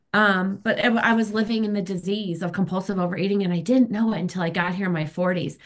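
A woman, sharing her recovery story at a meeting in a candid, emphatic, chatty way. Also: medium pitch. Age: 50s. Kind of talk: personal recovery share.

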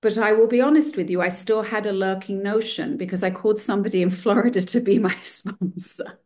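A woman's voice: mid-range voice, brisk, darkish tone. Woman, recovery-meeting speaker, candid, dry self-deprecating humor. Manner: candid, wry and self-mocking. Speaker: speaker sharing a recovery story. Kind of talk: personal testimony at a recovery meeting.

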